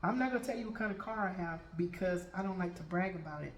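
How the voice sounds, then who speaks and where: Middle-aged reiki lady telling stories, lowish voice, says "okay?" all the time, echoey room. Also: fast talker, slight background noise. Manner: checks in with "okay?" after nearly every point. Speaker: Reiki master and tarot reader. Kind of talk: spiritual storytelling to viewers. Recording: roomy room with faint background ambience.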